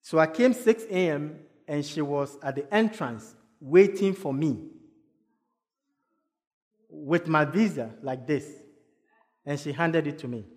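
A man's voice: a little high, takes it slowly, long pauses. A Ghanaian man telling a personal story to an audience, acting out each voice. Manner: animated, acts out dialogue. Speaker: speaker. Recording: long hall reverb.

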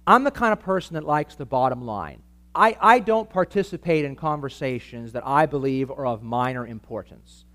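A man's voice: medium pitch, lively intonation, moderate pace, fairly bright tone. A man preaching to a live church audience in an emphatic teaching style, asking the listeners for amens. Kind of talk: sermon-style teaching talk.

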